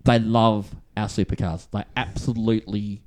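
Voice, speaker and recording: A man's voice: lowish voice, steady tone, moderate pace, darkish tone, slight background noise. An Australian man from Western Australia, co-hosting a casual podcast and telling rambling stories with acted-out quotes. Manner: rambling storyteller, acts out quoted voices. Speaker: podcast co-host. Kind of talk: casual chat.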